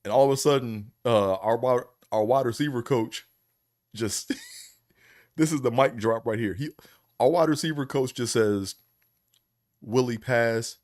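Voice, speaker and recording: A man's voice: medium pitch, normal speed, darkish tone. Laughing man telling funny stories. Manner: laughs often, trails off with "man". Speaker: podcast host. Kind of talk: casual storytelling.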